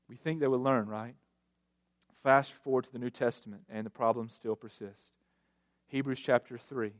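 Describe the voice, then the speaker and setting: A male pastor preaching a sermon, emphatic, with sweeping rises in pitch and loudness and repeated phrases for effect. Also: steady tone, normal speed.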